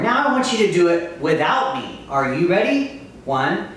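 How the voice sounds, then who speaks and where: A woman's voice: on the low side, normal speed, slight background noise. Encouraging woman teaching kindergarten music. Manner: upbeat and encouraging, chants words to a steady beat. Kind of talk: children's lesson, call and response. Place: kitchen. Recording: echoey room, mic far off.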